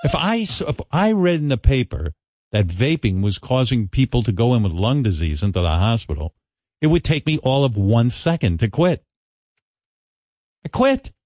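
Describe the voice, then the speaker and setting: A man's voice: mid-range voice, very animated, normal speed, darkish tone, no room sound, clean studio sound. Brash, preachy male radio host. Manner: brash, profane, lecturing. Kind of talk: blunt studio banter.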